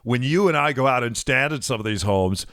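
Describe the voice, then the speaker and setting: A man's voice: mid-range voice, animated, a little fast, fairly bright tone, no room sound, clean studio sound. A man co-hosting a casual radio talk show, telling a story in an earnest, heartfelt way. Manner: earnest, storytelling, a bit emotional. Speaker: co-host and realtor.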